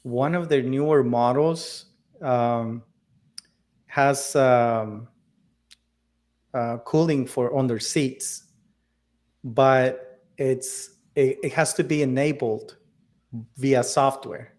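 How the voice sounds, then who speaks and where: A man's voice: mid-range voice, fairly even intonation, darkish tone. A man co-hosting a tech podcast, talking casually with many fillers and restarts. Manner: halting, many fillers and restarts, laughs often. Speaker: podcast co-host.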